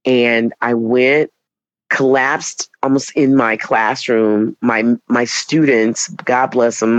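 Animated, profane woman storyteller, lo-fi. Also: extremely low pitch, no room sound. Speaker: teacher and podcast guest. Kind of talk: casual podcast chat. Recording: dull, dry lo-fi recording.

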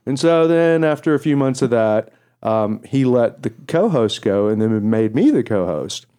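Middle-aged East Texas man, radio co-host; animated, filler-heavy anecdote teller. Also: mid-range voice, moderate pace, clean tone. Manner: animated, laughing storyteller with many fillers. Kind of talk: casual storytelling interview.

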